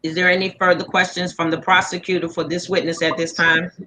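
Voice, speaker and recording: Bright-voiced formal mock trial judge. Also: medium pitch, little pitch movement, fairly quick, rough recording. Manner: formal, procedural. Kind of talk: presiding over a mock trial on a video call. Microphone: video call.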